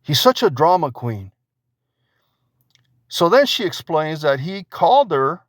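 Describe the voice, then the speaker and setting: A man rants indignantly to his channel, stacking up rhetorical questions as he reads out screenshots. His pitch sits fairly high and swings a lot. He is recorded close on a dry mic at home. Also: big pitch swings, a little slow, no room sound. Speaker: YouTube channel host. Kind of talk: angry vlog rant reading screenshots.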